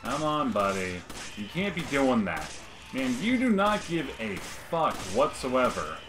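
Man, gameplay banter host, teasing and cursing, lively pitch. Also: a little slow, noisy background. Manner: joking, swearing, teasing. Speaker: let's play host. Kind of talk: casual gameplay chat.

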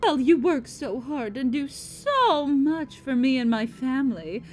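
A woman's voice: high-pitched, very animated, unhurried, a little mellow, faint music behind. A woman voicing a sweet-talking female Koopa wife who speaks in a coy, syrupy way. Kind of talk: fan-made cartoon voice acting.

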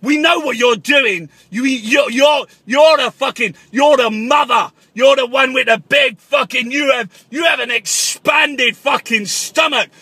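A man, a taxi driver and artist, shouting and swearing through a comic paranoid rant on the phone. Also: extremely high pitch, unhurried, hardly any pauses, slightly rough, no room sound. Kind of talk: comic ranting phone call.

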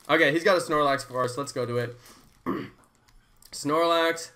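A man in his thirties chatting casually and excitably on a live stream, often hyping and chanting. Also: on the high side, normal speed, long pauses. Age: 30s.

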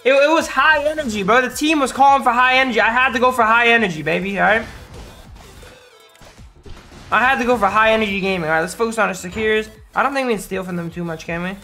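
A hoarse man streaming a game, giving hyped, trash-talking live commentary to his chat. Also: high-pitched, fast, sharp tone, soft background music.

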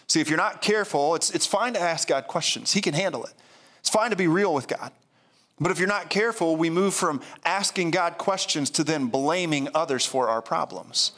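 A pastor preaching a sermon in an earnest, candid way, often repeating and restarting phrases. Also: male voice, a little high, animated, moderate pace, a bit bright.

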